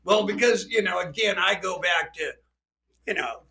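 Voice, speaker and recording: Gravelly, bright-voiced joking man. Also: high-pitched, moderate pace. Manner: crude, joking storyteller. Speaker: podcast host. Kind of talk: casual podcast chat.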